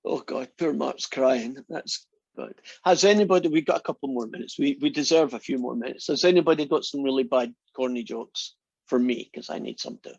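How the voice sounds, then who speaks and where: A man teaching an online math lecture, telling corny jokes to his students in a relaxed, playful manner. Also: medium pitch, fairly quick, creaky, breathy edge, no room sound, highs cut off.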